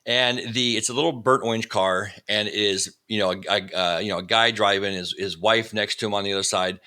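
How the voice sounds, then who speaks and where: A man's voice: fairly low pitch, a little fast. A man, a vacation rental company owner, telling his story in a casual remote interview and acting out the dialogue as he goes. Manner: animated, acts out quoted dialogue. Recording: remote video call.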